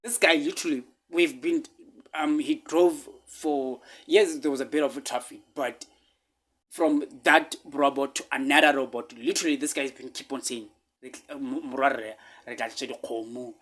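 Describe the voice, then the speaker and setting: A man with a South African accent telling a personal story casually, repeating himself emphatically and dropping to hushed asides. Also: a little high, fairly even intonation, moderate pace.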